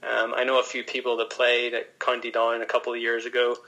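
Bright-voiced Northern Irish man, flat delivery. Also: mid-range voice, fairly quick, rough recording. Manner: relaxed, chatty, many restarts and fillers. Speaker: pro golfer guest. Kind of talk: casual podcast interview.

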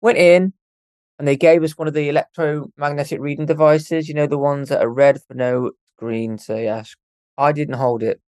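A young man tells his story in a lively, animated way, swearing freely and acting out the voices of the people he met. His voice sits a little on the high side for a man, and it comes across close and dry, with no room sound. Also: moderate pace, dry recording. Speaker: podcast guest. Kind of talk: casual storytelling.

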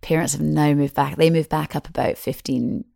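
A woman's voice: sits low, fairly even intonation, moderate pace, gravelly, mellow, no room sound, studio quality. A middle-aged woman from Scotland with a Glaswegian accent, chatting at length and a little self-deprecating as a presenter being interviewed. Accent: Glaswegian Scottish. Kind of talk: casual interview chat.

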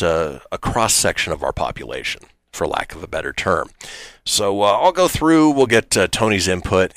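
A man hosting a radio talk show in a very low voice that swings up and down a lot as he talks. He speaks loosely and wryly, with frequent "uh" fillers, into a dry, close studio mic. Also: a bit bright, no room sound. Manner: loose and conversational, many uh fillers, wry.

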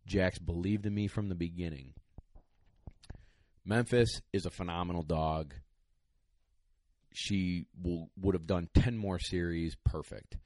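A man's voice: sits low, unhurried, pauses often, no echo. A young man, a dog trainer, casually telling a podcast story in a rambling, emotional way with lots of fillers. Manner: rambling, excited, many fillers.

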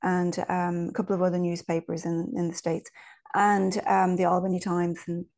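A woman's voice: on the low side, level tone, moderate pace, a little mellow. Lady chatting away in an interview, tells stories, keeps restarting her sentences. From Ireland. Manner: chatty, storytelling, many restarts and asides. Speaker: guest. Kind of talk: casual interview chat.

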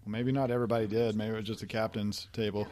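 A man's voice: fairly low pitch, little pitch movement, fast talker, darkish tone. A man hosting a podcast, chatting casually through an episode commentary, laughing often and restarting his sentences. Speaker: podcast host.

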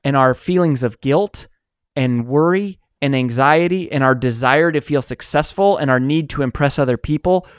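A man, an author who runs a coaching company, telling stories in a conversational interview, animated and acting out quotes. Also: medium pitch, normal speed, smooth, no echo, clean studio sound. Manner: animated storyteller, acts out quotes.

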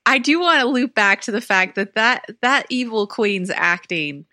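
A woman's voice: a little high, expressive, normal speed, pushed and bright, no echo, clean studio sound. A woman chatting frankly about a film, laughing easily. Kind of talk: casual film discussion.

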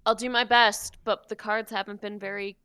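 A woman's voice: medium pitch, level tone, moderate pace, sharp tone, clean tone, no echo. A woman reading game cards aloud and chatting casually with friends, often laughing as she reads.

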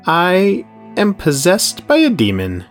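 A man's voice: sits high, huge pitch swings, soft background music, voice pushed up, exaggerated voice. A man doing Herod, a giggling possessed man. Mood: gleeful menace. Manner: teasing sing-song, slow and drawn out. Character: creepy demon-possessed man, giggling and teasing.

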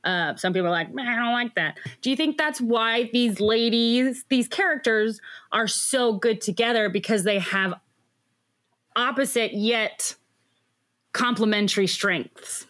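A woman who hosts the podcast and voices a character, chatting in a playful, expressive way. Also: on the high side, measured pace. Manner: playful, expressive, asks leading questions. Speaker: podcast host and voice actor. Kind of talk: casual podcast chat.

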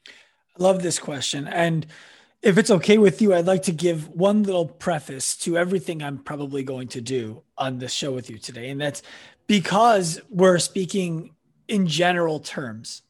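A man with a raspy voice, a chiropractor guest on an interview podcast, explaining his views earnestly with examples. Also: fairly high pitch, normal speed. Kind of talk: conversational interview answers.

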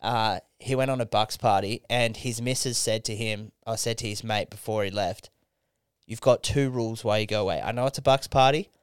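Australian bloke spinning a crude yarn. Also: male voice, on the low side, fairly quick, clear, resonant tone, no echo, studio quality. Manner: animated, swearing yarn-spinner acting out quotes. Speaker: podcast host. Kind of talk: casual storytelling chat.

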